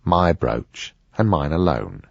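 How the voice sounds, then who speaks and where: A man's voice: on the low side, lively intonation, unhurried, no echo, muffled recording. A man voicing a greedy, sly older antique dealer who wheedles and mutters sourly.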